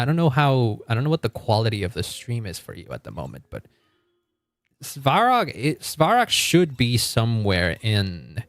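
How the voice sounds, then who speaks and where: A man's voice: lowish voice, gravelly, no echo. Guy streaming a game, rambly, keeps restarting sentences, lots of laughing, voice jumps around a lot. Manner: rambling, self-interrupting, laughs often. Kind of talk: casual live-stream chat.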